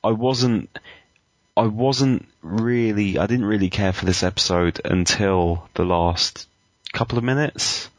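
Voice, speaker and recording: A man's voice: on the low side, measured pace, dry recording. A man co-hosting a podcast, giving critical opinions in a hesitant, casual way with many ums and uhs. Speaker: podcast co-host. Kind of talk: casual chat.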